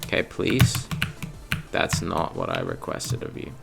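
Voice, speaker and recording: Self-mocking young gamer man, gravelly. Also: very deep voice, measured pace. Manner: self-mocking, excitable, with sudden yelps and gasps. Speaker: let's play host. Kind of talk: gaming commentary. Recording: loud game music behind the voice. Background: loud game music.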